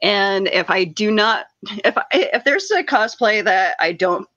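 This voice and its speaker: A woman's voice: medium pitch, sing-song, unhurried, sharp tone, no echo, muffled recording. A woman on a podcast chatting casually, hesitant, with many restarts and small laughs. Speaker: podcast co-host. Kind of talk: casual chat.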